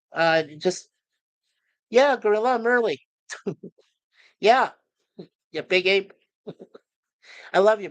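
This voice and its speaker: A middle-aged man hosting his channel, talking to viewers in a halting, emotional way with many restarts and repeated words. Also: high voice, dry recording, poor audio. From United States. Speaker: YouTube channel host. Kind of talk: emotional personal talk to viewers.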